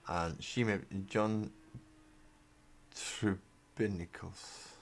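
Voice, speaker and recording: Low-voiced English man rambling on a live stream. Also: fairly even intonation, extremely slow. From England. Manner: rambling and self-mocking, often trailing into mumbles. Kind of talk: casual live-stream chat while building miniatures. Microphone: desk mic on a live webcam stream.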